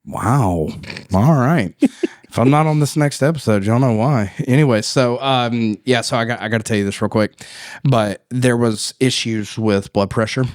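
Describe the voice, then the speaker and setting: A man's voice: mid-range voice, moderate pace, no room sound, clean studio sound. Laughing man telling a story. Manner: animated storyteller, laughs often. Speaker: podcast co-host. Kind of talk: casual storytelling chat.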